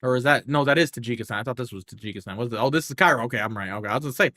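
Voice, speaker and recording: A man's voice: mid-range voice, racing, sharp tone, dry recording. Profane rambling male game streamer. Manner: profane, rambling, thinking aloud while scrolling menus. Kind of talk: casual live game-stream chatter.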